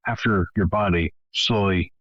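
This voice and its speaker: A man's voice: sits low, measured pace, no echo, lo-fi sound. A man narrating a tabletop game as game master, in a dramatic, rambling way.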